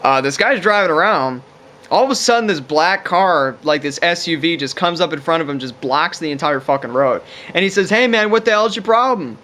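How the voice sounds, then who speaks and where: A man with a fairly high voice rambles through a casual, profane monologue to camera. He piles on fillers like "you know" and "like" as he talks. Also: fairly quick, pushed and bright. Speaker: vlogger.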